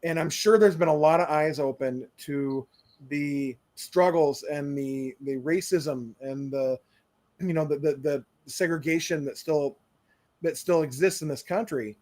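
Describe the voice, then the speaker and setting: Male podcast co-host, higher voice, earnest, halting and wordy, remote call. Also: darkish tone. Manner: earnest, searching for words with many restarts. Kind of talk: casual chat. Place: video call.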